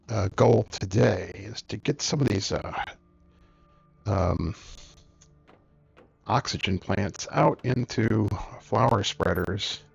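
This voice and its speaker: Very gravelly low-voiced man, lo-fi. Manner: unhurried, thinking aloud while playing. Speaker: gaming channel host. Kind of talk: let's-play commentary. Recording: dull lo-fi recording, faint music.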